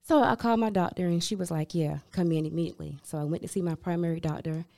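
A woman's voice: on the low side, steady tone, fast, vocal fry, mellow. A woman, a guest telling her story candidly and upbeat, with many fillers. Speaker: guest, cancer survivor. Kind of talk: casual interview chat.

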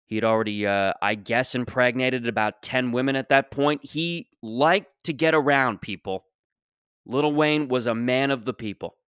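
Smooth-voiced young man rambling through a story. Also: mid-range voice, moderate pace, fairly bright tone, no echo, studio quality. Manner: rambling, digressive, trails off. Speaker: podcast host. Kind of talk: comedic solo storytelling.

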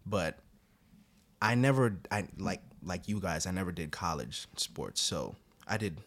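Podcast host, young man, very low voice, rambling storyteller who jumps into high voices for quotes. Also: animated, measured pace, a bit bright. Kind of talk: casual podcast chat.

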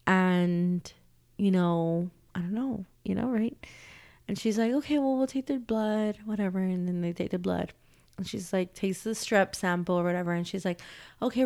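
A woman's voice: medium pitch, vocal fry. A young woman telling a story to her vlog audience, swearing often and filling her talk with "like", getting heated as she rants. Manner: animated ranting with frequent swearing and "like". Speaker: vlogger.

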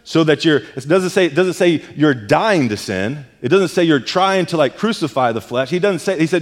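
A man's voice: on the high side, animated, normal speed, hardly any pauses. A male pastor preaching a sermon, emphatic and repeating words as he presses a point. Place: church sanctuary. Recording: long church hall reverb.

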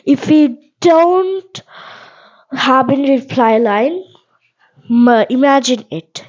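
High-voiced woman teaching slowly. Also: animated, a little mellow, lo-fi sound. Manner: halting, repetitive simple phrasing with frequent "okay?" checks. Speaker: podcast host and English teacher. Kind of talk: casual spoken English lesson.

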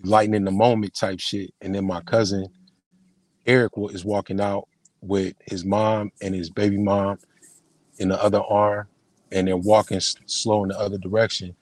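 A man, a podcast guest, telling an emotional personal story in casual conversation, halting and full of slang and restarts. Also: lowish voice, flat delivery, dry recording. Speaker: podcast guest, film producer and screenwriter.

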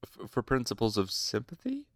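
A man's voice: medium pitch, wildly swooping pitch, normal speed, fairly bright tone, dry recording. A man voicing a flustered teenage student who stammers through his answers. The sound is dry and close. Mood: nervous. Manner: nervous, stammering.

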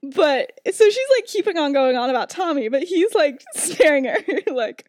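A woman's voice: high-pitched, big pitch swings, brisk, a little mellow, no echo, clean studio sound. A young woman co-hosting a podcast, giggling as she retells a story in casual chat, full of "like". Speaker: podcast co-host.

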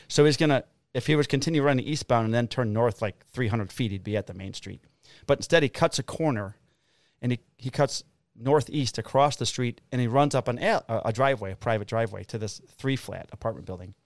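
A middle-aged man, a police officer, telling a story in a casual, profane, animated way. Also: mid-range voice, a little fast, dry recording, studio quality.

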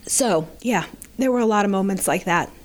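A woman's voice: medium pitch, normal speed. A middle-aged woman, an interview guest, telling a personal story in an earnest, heartfelt way with small restarts.

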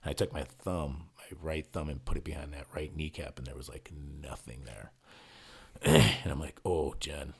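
Very deep raspy guy on a podcast, swears a lot, acts out the quotes. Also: moderate pace. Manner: animated retelling, acting out quotes, swearing freely. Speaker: podcast co-host telling a story. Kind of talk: casual storytelling chat.

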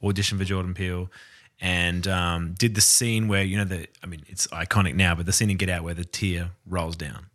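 A man's voice: low-pitched, fairly even intonation, fairly quick, fairly bright tone. A man co-hosting a film podcast in casual chat, joking and opinionated. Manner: joking, opinionated, acts out quoted voices. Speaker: podcast co-host.

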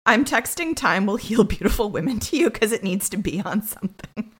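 A woman's voice: medium pitch, lively intonation, husky. Sarcastic young woman podcast co-host. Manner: quick-witted, sarcastic quips. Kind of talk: casual chat recapping reality TV.

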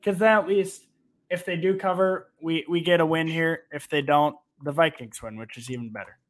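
A man's voice: a little high, normal speed. A man co-hosting a podcast, chatting casually and playfully about football bets and teasing his friend. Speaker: podcast co-host. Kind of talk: casual sports betting chat.

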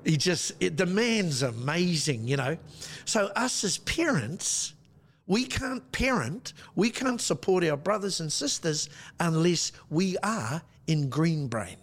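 A man's voice: fairly high pitch, lively intonation, slow pace. A middle-aged man from New Zealand with a Māori English accent, telling stories in a casual podcast chat and acting out voices. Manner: storytelling, acts out voices. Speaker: guest.

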